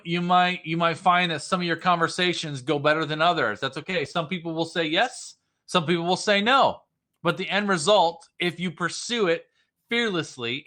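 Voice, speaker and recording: Brief: bright-voiced male business coach, livestream, emphatic and repetitive. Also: a little high. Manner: emphatic, repeats points, restarts. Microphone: livestream mic.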